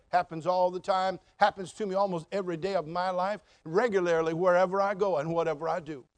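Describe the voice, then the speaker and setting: A man in middle age preaches with a high-pitched, lively voice, folksy and full of mocking asides. The sound is close and dry, with no room around it. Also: a little fast, few pauses, no room sound. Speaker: pastor. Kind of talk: sermon.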